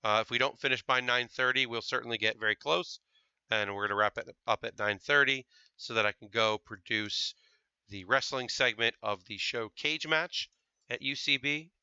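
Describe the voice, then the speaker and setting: Bright chatty man streaming a model build. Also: medium pitch, moderate pace, clear, resonant tone, no echo, lo-fi sound. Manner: chatty, thinks aloud with fillers, speaks to chat. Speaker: livestreamer building model kits. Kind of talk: casual live-stream chat while building.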